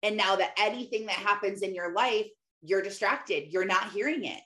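A woman sharing a casual devotional talk, retelling a scripture story in her own words. She speaks in a relaxed, conversational way, dropping "like" as she goes. She is a mother speaking plainly to her listeners about belief. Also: medium pitch, moderate pace. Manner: conversational retelling with frequent "like" fillers. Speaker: mother sharing faith reflections.

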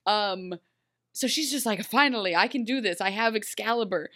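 A woman co-hosting a casual recap chat, animated and laughing as she acts out characters' lines. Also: medium pitch, normal speed, no room sound, clean studio sound. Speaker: podcast co-host.

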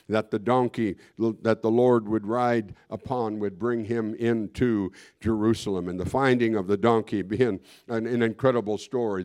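A male pastor preaching a fervent sermon. He keeps breaking in with "praise God" and swings from raised, emphatic lines to soft, low asides.

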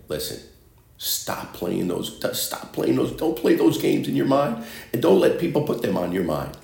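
A man's voice: medium pitch, very animated, normal speed, vocal fry, a little mellow. A man preaching a sermon, reading scripture and repeating phrases for emphasis. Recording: echoey room.

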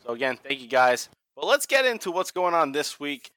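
A man's voice: fairly high pitch, big pitch swings, brisk, sharp tone, no room sound. A man from Massachusetts with a Boston accent, hosting a casual wrestling podcast, swearing freely and laughing often. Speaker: podcast host.

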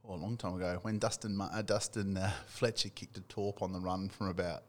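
A middle-aged man with an Australian accent talks in a laid-back, easy way, cursing freely and laughing often. His voice sits fairly low, and he chats casually about sport as a podcast co-host. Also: little pitch movement, a little fast.

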